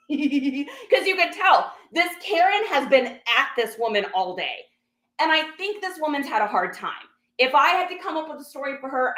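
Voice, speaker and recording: Animated high-voiced woman telling a story. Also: echoey room. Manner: animated, acts out other people's lines in quotes. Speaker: reseller sharing a garage sale haul. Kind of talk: casual storytelling to viewers.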